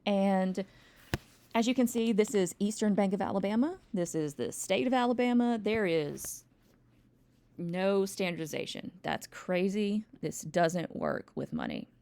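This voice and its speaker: A woman's voice: medium pitch, animated, unhurried, warm tone, slight background noise. A woman teacher giving a recorded history lecture, rambling with wry asides and frequent ums. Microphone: home recording, textbook open nearby.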